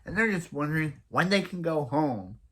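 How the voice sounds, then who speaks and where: A man's voice: fairly high pitch, lively intonation, moderate pace, noisy background. A young man giving a casual, rambling recap of a TV episode, often stumbling and restarting his sentences. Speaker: show reviewer.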